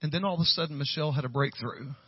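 A man's voice: rapid-fire, breathy edge, no room sound, dull audio. Pastor in his sixties, preaching. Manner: builds to loud, high-pitched preaching peaks. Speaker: guest pastor. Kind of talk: storytelling sermon.

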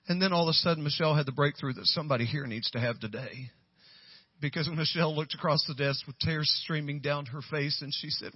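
A man's voice: a little fast, slightly rough, dry recording, lo-fi sound. Pastor in his sixties, preaching. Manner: builds to loud, high-pitched preaching peaks. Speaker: guest pastor. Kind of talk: storytelling sermon.

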